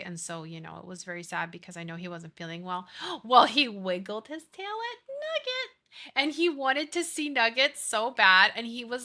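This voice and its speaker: A woman streamer in casual live-stream chat as she plays, gushing over whatever she sees. Her voice is very bright and sharp, with sudden gasps and cutesy baby talk. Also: medium pitch. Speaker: game streamer.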